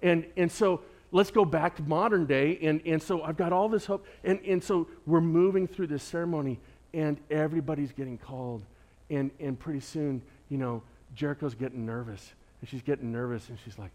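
Higher-voiced man preaching a lively sermon. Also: moderate pace. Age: middle-aged. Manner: swings from loud preaching to quiet, joking storytelling. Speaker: pastor.

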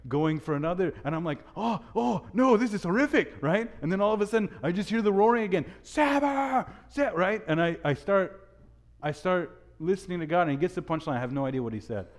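A young man giving a sermon with a personal story, telling it in an animated way with many restarts. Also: a little high, quick pace. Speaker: speaker at a church gathering.

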